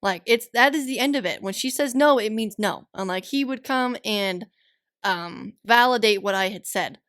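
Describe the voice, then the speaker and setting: A woman's voice: a little high, normal speed, fairly bright tone, no room sound, clean studio sound. A woman guest on a podcast, a tradeswoman, talking bluntly and swearing a lot about her work. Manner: blunt, profane, self-described ornery. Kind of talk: casual podcast conversation.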